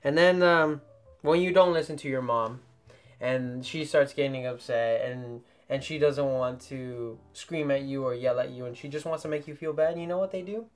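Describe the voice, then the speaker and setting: A young man hosting a casual podcast, telling stories in an animated way and jumping into loud mock voices. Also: mid-range voice, normal speed, faint music behind. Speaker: podcast host.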